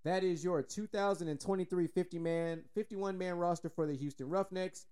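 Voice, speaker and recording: A man's voice: high-pitched, steady tone, brisk, mellow, smooth. A Texan man co-hosting a casual sports podcast, loose and joking, swearing freely. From Texas. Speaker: podcast co-host.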